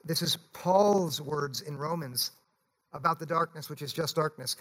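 A man's voice: on the high side, moderate pace. A male pastor preaching a sermon in a church, earnest and pleading, often urging his listeners to listen.

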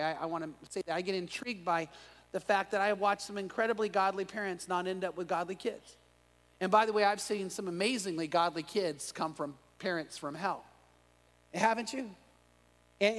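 High-voiced pastor in a reverberant church. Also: male voice. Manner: animated storyteller with frequent restarts. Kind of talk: evening sermon. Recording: long reverb of a large room.

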